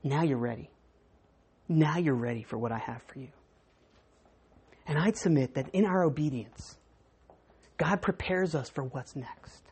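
A woman preacher giving a sermon, telling a story with animated, dramatic swings. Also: low voice, a little slow, long pauses, breathy edge.

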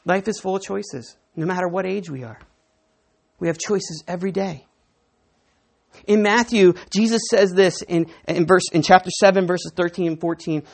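Woman preacher, sermon delivery, animated, slips into crowd voices. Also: on the low side, moderate pace, creaky. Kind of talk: sermon with an object lesson.

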